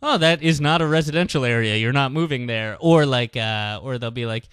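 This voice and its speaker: Deadpan man telling a story. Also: medium pitch, a little fast, clear, resonant tone, no room sound, clean studio sound. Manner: deadpan, acts out both sides of a phone call. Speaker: podcast host. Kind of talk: casual storytelling chat.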